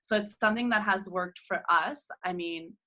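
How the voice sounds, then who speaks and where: A French-speaking woman, a teacher, chatting calmly about her classroom. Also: medium pitch, normal speed. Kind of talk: casual group chat.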